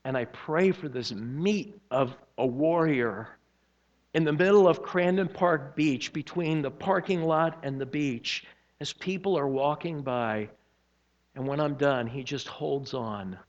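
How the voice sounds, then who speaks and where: Guy pastor preaching, tells a story, gets hushed and earnest, bit higher voice, kinda muffled sound. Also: measured pace. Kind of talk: sermon with personal story.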